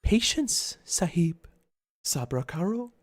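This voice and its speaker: A man's voice: high voice, big pitch swings, slow pace, voice pushed up, heavily acted. A man voicing a mournful old spirit storyteller. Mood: placating. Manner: dramatic, pleading, formal speech.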